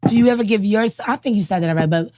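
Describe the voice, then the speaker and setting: A woman co-hosting a podcast in casual chat, talking in an emphatic, animated way. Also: mid-range voice, racing, dry recording. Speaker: podcast co-host.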